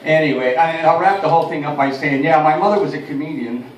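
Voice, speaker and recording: A man's voice: fairly high pitch, quick pace, lo-fi sound, slight background noise. A man from Detroit doing a chatty, self-deprecating stand-up routine, chuckling at his own jokes. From Detroit, USA. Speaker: stand-up comedian. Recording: roomy, distant mic, faint ambience.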